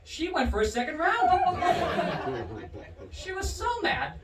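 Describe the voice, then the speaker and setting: A man doing a stand-up comedy set at a bar comedy night, animated and swinging his pitch hard for punchlines. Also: takes it slowly, very noisy. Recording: roomy, distant bar recording with audience. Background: crowd laughter.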